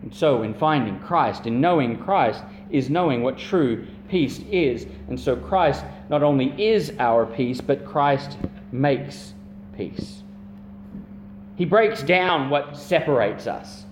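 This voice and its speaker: A man preaching a sermon as a pastor, earnest and emphatic, repeating phrases and drawing out key words. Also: medium pitch. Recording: echoey room with faint hum.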